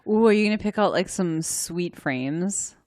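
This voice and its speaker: Female podcast co-host, lower pitch with animated intonation, playful and quick to laugh. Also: no echo, studio quality. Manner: laughs often, lively and teasing. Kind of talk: casual chat.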